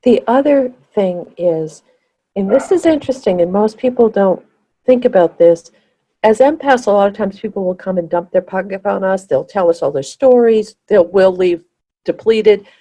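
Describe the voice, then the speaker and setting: A woman co-hosting a podcast, talking in an earnest way and often pausing to find her words. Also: medium pitch, dark tone, low-quality recording. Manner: earnest, restarts and searches for words. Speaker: podcast co-host. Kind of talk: conversational podcast chat.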